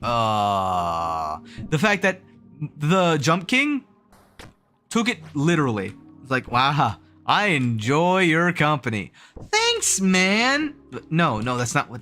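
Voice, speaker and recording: A man's voice: high-pitched, fairly bright tone. A young man chatting casually on a gaming livestream, self-mocking and laughing often as he reads chat aloud. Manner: counts jump timing aloud in a rhythmic sing-song. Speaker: streamer.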